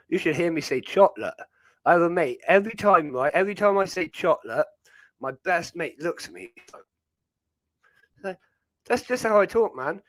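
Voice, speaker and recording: A man's voice: fairly high pitch, dry recording. A young British man hosting a hobby livestream, rambling and chatty with lots of fillers. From Britain. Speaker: livestream host. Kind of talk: casual chat.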